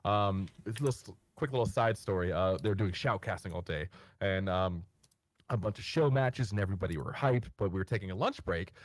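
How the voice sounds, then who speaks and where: A man guest on a podcast, telling rambling stories with many fillers and bursting into animated impressions. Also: low-pitched, brisk, dry recording. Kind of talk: casual storytelling chat.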